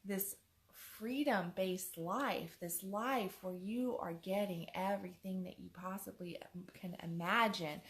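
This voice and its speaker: Emphatic woman life coach, fairly high voice. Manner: emphatic, repeats points for stress; chatty, acts out other people's words. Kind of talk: motivational morning talk.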